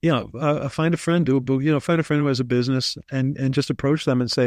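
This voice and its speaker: A man's voice: medium pitch, fast, few pauses, no echo. Chatty man telling stories, dry sound. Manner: chatty, animated storyteller with frequent restarts. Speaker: ghostwriter guest. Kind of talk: casual interview storytelling.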